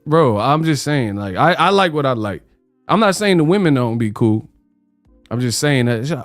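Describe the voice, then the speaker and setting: Hosting a live boxing talk stream, a man keeps the chat loose, slangy and joking, now and then slipping into mock British voices. His mid-range voice has lively intonation at a normal speed, and the recording is dry with faint music behind.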